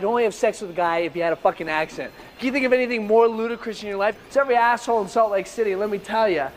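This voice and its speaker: A ranting young punk. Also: male voice, high-pitched, a little hiss or hum. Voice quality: profane, ranting, sardonic.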